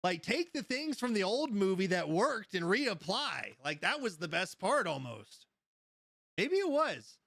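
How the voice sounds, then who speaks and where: A man's voice: high voice, very animated, unhurried, creaky, hardly any pauses, fairly bright tone, no echo, studio quality. Chatty laughing man live-streaming. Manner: rambling storyteller, laughs often, answers chat. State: high. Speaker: livestream host. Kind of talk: casual live-stream chat.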